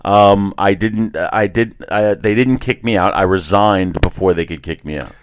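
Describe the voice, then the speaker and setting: Low-voiced laughing podcast co-host. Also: male voice, moderate pace, no room sound. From Florida. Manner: laughing, animated storyteller, plays up a lost voice as a joke. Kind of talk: casual chat. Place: hotel room.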